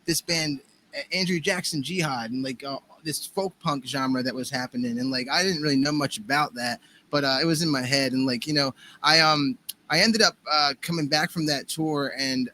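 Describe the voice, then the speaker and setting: Bright-voiced American man, rambling. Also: mid-range voice, normal speed, a little hiss or hum. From United States. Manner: rambling, full of fillers and restarts. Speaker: guest musician. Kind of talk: casual podcast conversation.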